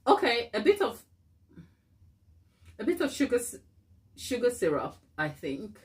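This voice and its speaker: A woman's voice: a little high, wildly swooping pitch, unhurried. A woman hosting a casual baking live stream, thinking aloud as she works, reading viewer comments and laughing often. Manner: thinks aloud while working.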